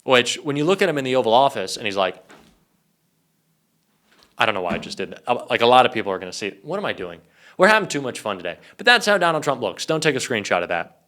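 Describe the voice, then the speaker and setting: Sarcastic man, lively voice. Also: on the high side. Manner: sarcastic, mocking, profane. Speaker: political commentator. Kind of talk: reaction commentary.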